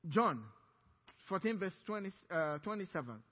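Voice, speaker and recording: High-voiced, husky preaching pastor in a hall. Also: male voice, sing-song, takes it slowly, pauses often, highs cut off. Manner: emphatic preaching with call-and-response to the congregation. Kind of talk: sermon. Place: church sanctuary.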